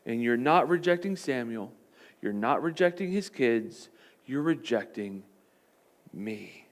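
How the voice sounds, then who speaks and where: A man preaching a sermon as a pastor, telling the story with animated swings between loud emphasis and hushed asides. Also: medium pitch, unhurried.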